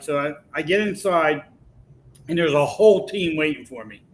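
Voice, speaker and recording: A man guest telling a long personal story in a lively, animated way, acting out the voices he quotes. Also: fairly high pitch, moderate pace, a little hiss or hum, low-quality recording. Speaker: podcast guest. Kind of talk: casual storytelling.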